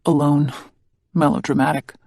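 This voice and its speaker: Reader playing a guarded, hurt young man; quiet, level, audiobook dialogue in a dead-dry room. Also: mid-range voice, little pitch movement, normal speed, no echo, close to an everyday voice. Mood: subdued. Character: guarded adult man, bitter about his father.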